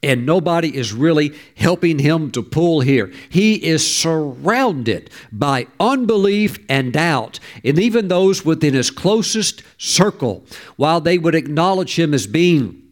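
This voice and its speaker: A man's voice: on the high side, animated, unhurried. A middle-aged male pastor preaching a sermon, telling stories expressively and reading scripture aloud.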